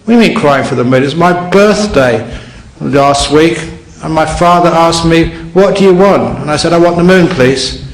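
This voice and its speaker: A man's voice: on the high side, moderate pace, hardly any pauses, voice pushed up, close to an everyday voice. A man voicing a hired actor who whines like a spoiled child in a told story. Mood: whiny. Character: hired male actor, whining like a petulant child. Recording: echoey hall.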